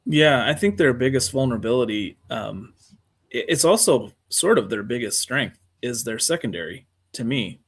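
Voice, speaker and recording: A man's voice: medium pitch, animated, moderate pace, slightly rough. A man co-hosting a casual sports talk show, rambling through his points with many fillers and restarts. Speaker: co-host.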